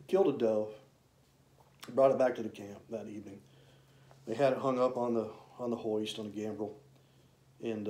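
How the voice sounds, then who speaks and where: A man, casually telling rambling, folksy stories about his old hunting camps, with drawn-out "uh" fillers. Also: on the low side, mellow. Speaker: hunter reminiscing. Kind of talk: casual storytelling. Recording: roomy echo.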